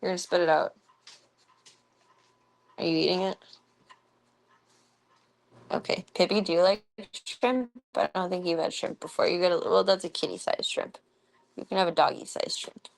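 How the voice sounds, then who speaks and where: A young woman chats casually on her stream while feeding her pets, with a gravelly edge to her voice. She keeps up a chatty patter and calls to the animals in a high coaxing tone. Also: normal speed, pauses often.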